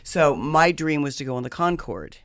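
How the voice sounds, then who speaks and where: A woman hosting a casual chat, telling a story in an animated, dramatic way and swearing freely. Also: low voice, moderate pace, dry recording, studio quality.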